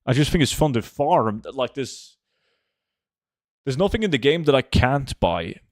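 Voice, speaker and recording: A man's voice: medium pitch, animated, unhurried, no room sound, clean studio sound. A man, a game streamer chatting casually and reading his chat aloud in a laid-back way full of fillers. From Norway.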